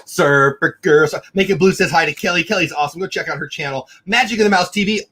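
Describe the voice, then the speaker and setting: A man hosting a casual livestream, greeting viewers by name in quick, upbeat shout-outs. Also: high voice, breathy edge. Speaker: livestream host.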